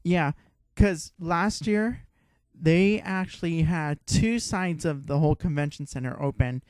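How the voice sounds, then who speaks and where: A young man co-hosting a podcast, telling a story in casual chat, excitable and swearing freely. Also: a little high, unhurried. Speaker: podcast co-host.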